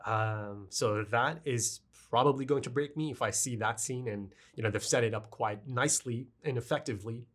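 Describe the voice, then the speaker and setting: Husky guy choked up, rambling about an anime episode, keeps asking right?. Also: mid-range voice, normal speed, hardly any pauses, fairly bright tone. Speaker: anime reaction reviewer. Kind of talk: casual review monologue.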